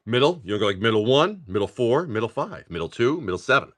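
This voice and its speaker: Animated, swearing card-break streamer guy. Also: mid-range voice, fast. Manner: upbeat, swears casually, greets viewers by name. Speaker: live-stream host opening card packs. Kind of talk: casual live-stream chat.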